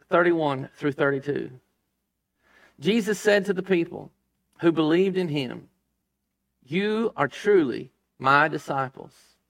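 A man's voice: on the high side, creaky, fairly bright tone. A man preaching a sermon as pastor, emphatic, reading scripture aloud and dropping his voice for stress.

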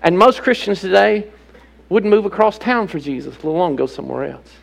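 High-voiced gravelly man preaching. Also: lively intonation, brisk, poor audio. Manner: emphatic preaching with rhetorical questions. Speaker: pastor. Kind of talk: sermon.

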